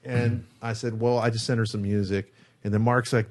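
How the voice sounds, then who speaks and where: A man with a fairly low voice tells a long story as a guest in a studio interview. He talks casually and swears often. He acts out what people said in the story. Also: moderate pace. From San Francisco Bay Area. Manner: animated storyteller, acts out quotes, swears freely. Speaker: guest guitarist.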